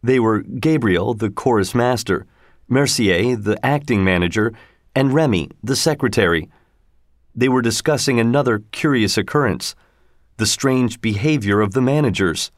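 A man narrates a storybook at an even, measured pace. His voice sits in a middle register. The recording is dry, with no room sound. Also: mid-range voice, no echo. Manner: steady, measured reading.

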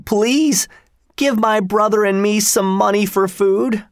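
A man reading a storybook voices a cunning beggar boy who wheedles and schemes. The voice is lifted and sing-song, sly rather than loud, on a dry close mic. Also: on the high side, very animated, normal speed, no echo, voice pushed up. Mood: pleading. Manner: coaxing, sly.

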